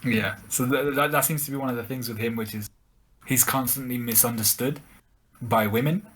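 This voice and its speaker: A man co-hosting a podcast, retelling scenes in lively casual chat with repeated words. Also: medium pitch, moderate pace. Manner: animated retelling, repeats words, laughs while telling. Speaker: podcast co-host.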